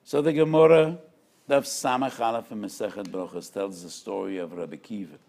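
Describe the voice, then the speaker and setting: A man, a rabbi, giving a measured, emphatic Torah lecture with storytelling. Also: lowish voice, fairly even intonation, creaky, a little mellow.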